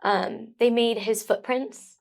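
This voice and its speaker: A woman's voice: on the high side, fairly even intonation, takes it slowly, vocal fry, a little mellow. A young mother as a guest in an interview, speaking in a heartfelt, effusive way. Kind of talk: conversational interview.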